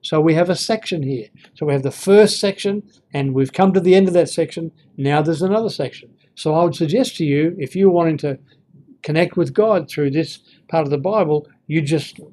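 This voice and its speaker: A man's voice: fairly high pitch, dark tone. A man giving an informal Bible lesson, thinking aloud with fillers and reading verses with feeling. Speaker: Bible teacher.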